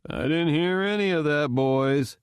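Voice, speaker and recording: A man's voice: fairly high pitch, measured pace, clear, resonant tone, no echo, voice pushed up. A man voicing a wry, easygoing middle-aged base commander.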